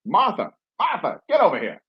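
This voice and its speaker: A man's voice: high voice, huge pitch swings, a little fast, husky, highs cut off, pitched above the performer's own voice, heavily acted. A man putting on a posh 1920s gent. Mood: grand. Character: posh 1920s gentleman, fussy and grand.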